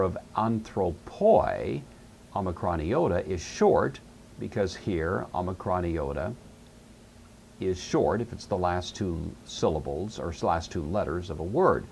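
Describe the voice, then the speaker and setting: A middle-aged man teaching Greek grammar in a recorded lecture, explaining patiently step by step and repeating key words slowly. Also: sits low, gravelly, a little hiss or hum.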